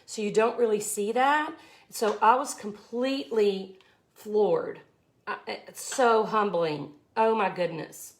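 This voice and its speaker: A woman's voice: medium pitch, slow. A woman, chatting effusively as she teaches a live glass art tutorial. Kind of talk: casual live tutorial chat.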